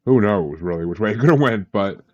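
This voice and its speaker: Low-voiced guy hosting a podcast, laid back, stop-start, dull dry audio. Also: no echo. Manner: relaxed, swears casually, halting restarts. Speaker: podcast host. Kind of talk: casual interview. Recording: dull lo-fi sound.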